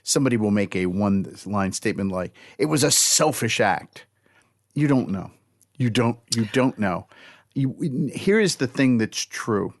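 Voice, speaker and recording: A man co-hosting a podcast, speaking earnestly with halting restarts. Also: fairly low pitch, animated, darkish tone, dry recording, studio quality. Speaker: podcast co-host. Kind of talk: casual chat.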